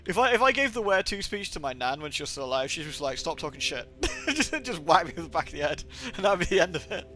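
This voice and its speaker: A man's voice: on the high side, sing-song, quick pace, pushed and bright. A young man from England rambling and swearing on a livestream, with lots of filler words. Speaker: streamer. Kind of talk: livestream gaming chat.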